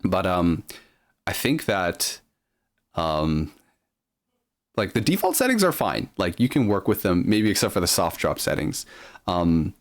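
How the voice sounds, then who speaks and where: A man with a low speaking voice who streams live, reading viewer messages aloud and answering them casually with many ums. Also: sing-song, unhurried, long pauses.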